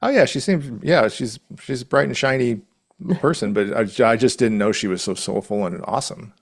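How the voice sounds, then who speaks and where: A man with a creaky, medium-pitched voice talks fairly quickly while co-hosting a podcast. He's casual and enthusiastic, rambling along and restarting often.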